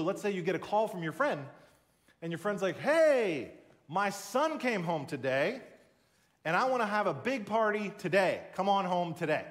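A man preaching a sermon, explaining a passage with emphatic, conversational storytelling. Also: fairly high pitch.

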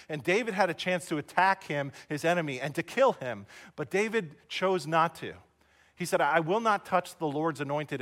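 A man preaching a sermon as pastor of a church, earnest, rising to emotional retellings and dropping soft for prayer. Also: fairly high pitch. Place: church service.

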